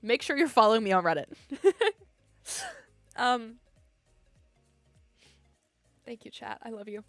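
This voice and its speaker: A young woman streamer talks straight to her chat in a casual, emotional goodbye, laughing often. Her voice sits a bit high. The mic is close and dry, with faint music underneath. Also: expressive, moderate pace, no room sound.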